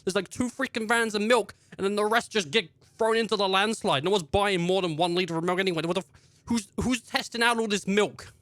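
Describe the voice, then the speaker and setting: A young man streams a game and fills the time with profane, rambling comic rants. He acts out everyday characters along the way. His voice is bright and forceful, close and dry, with no room around it. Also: high-pitched, brisk, no room sound. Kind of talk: casual gameplay commentary.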